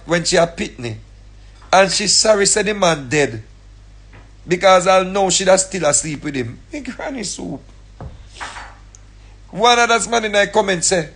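Jamaican guy going off on a livestream, bit high, husky voice, keeps repeating himself. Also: a bit bright. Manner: angry, repetitive, preachy. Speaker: live streamer. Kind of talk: ranting commentary.

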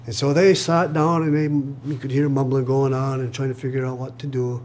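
A man telling a traditional story aloud to an audience in a lively way, acting out the voices and chuckling at his own jokes. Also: medium pitch, moderate pace, few pauses. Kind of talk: live oral storytelling. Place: live reading event.

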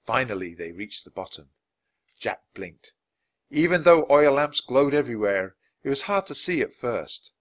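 A man narrating a children's storybook aloud, expressive and switching voices for each character. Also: medium pitch, normal speed. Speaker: audiobook reader.

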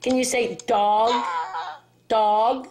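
A woman's voice: a little high, steady tone, extremely slow, heavy background noise. A woman on a home video, playfully quizzing a toddler with questions and animal sounds. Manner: playful, laughing baby talk with animal sounds.

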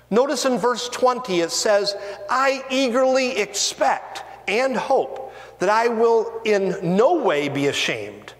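Slow, lively preaching man in a church hall. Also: high voice. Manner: earnest preaching, rising and falling emphasis, slow deliberate delivery. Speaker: pastor. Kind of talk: sermon. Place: church sanctuary. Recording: long reverb of a church hall.

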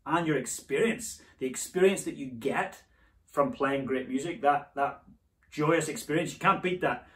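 A man's voice: on the high side, moderate pace. A man teaching a drumming lesson, coaching encouragingly and calling out the rudiment syllables as his students play. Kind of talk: instructional lesson. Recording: echoey room, voice a bit far from mic.

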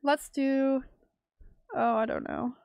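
A woman streamer reading a visual novel aloud and reacting with sudden excited exclamations. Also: high-pitched, slow, vocal fry, no room sound, clean studio sound. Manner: reads game text aloud, breaks into excited exclamations.

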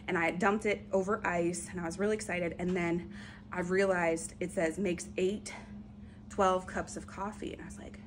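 Chatty, excitable woman unboxing returns. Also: fairly low pitch, moderate pace, background noise. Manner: chatty, excitable, talks to viewers while unboxing. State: over-caffeinated. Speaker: reseller vlogger. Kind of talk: casual unboxing vlog.

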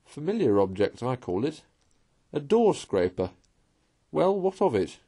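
A small, sulky male mole from a storybook, put on by a man reading aloud, raised in pitch and a touch husky. He talks in a plaintive, petulant way and swoops lively up and down. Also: a little slow, heavily acted.

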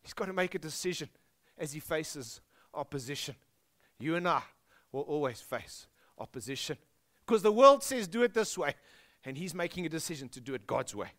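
A South African pastor preaching a sermon, animated and emphatic, dropping his voice low on key words.

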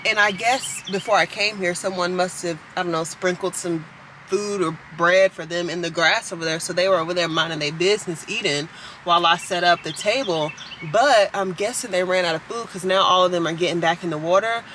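A woman's voice: on the low side, brisk, a bit bright, slight background noise, poor audio. A young woman vlogging in a bubbly, chatty way, talking straight to her viewers. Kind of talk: casual vlog chat.

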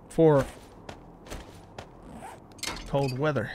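A man's voice: medium pitch, steady tone, a little slow, pauses often, a little hiss or hum. A man hosting a gaming channel, chatting casually to his viewers while he plays, with the hiccups. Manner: easygoing, talks to viewers while playing. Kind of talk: casual gameplay commentary.

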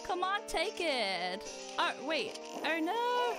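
High, lively, slow-talking woman streamer. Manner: excitable, gasping and laughing reactions. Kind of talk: let's-play commentary. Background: game music.

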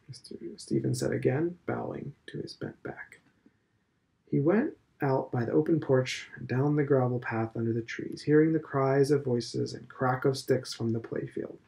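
A man reads literary prose aloud at a measured, even pace. His mid-pitched voice has a gravelly edge. The delivery is a professor's careful reading of a novel. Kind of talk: audiobook-style literary reading.

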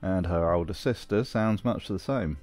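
A man's voice: low-pitched, normal speed, a little mellow, slight background noise. A man giving wry, scripted commentary on a video game. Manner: dry, wry. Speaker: video essayist.

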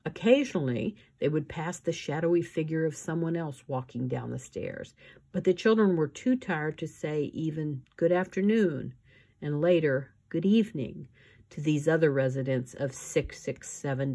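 A woman's voice: low-pitched, normal speed, mellow. A woman reading a children's novel aloud, narrating and changing her voice for each character. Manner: reads all parts, voices shifting between characters. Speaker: reader. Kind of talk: audiobook reading.

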